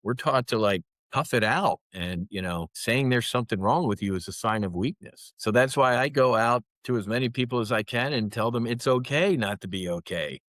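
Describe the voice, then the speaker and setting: A man's voice: mid-range voice, lively intonation, moderate pace, hardly any pauses, fairly bright tone, no room sound. A man in his fifties, a former fighter pilot, talking candidly and intensely in an interview, often restarting and then pushing words out with emphasis. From United States. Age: 50s. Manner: earnest, intense, with frequent restarts and emphatic rises.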